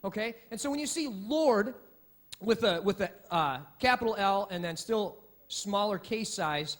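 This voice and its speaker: A man preaching a sermon as pastor, in a lively, conversational way with frequent restarts. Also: sits high, measured pace.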